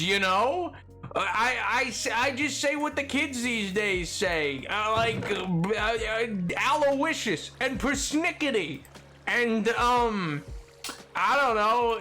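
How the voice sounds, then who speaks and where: Playful streamer with a lively bright voice. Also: mid-range voice. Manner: playful, old-timey slang and fancy words; laughs often, rambles. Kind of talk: casual live-stream chat while gaming.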